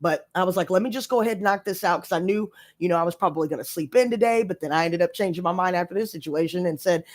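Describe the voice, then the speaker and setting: A woman's voice: lowish voice, fast. A woman telling a story to her live-stream audience in casual chat, emphatic and profane as she rants. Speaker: tarot reader live-streaming.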